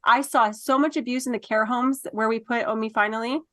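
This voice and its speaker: Chatty woman interviewer, slightly high. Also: fairly even intonation, a bit bright, no room sound. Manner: quick, chatty storytelling. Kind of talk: casual interview talk.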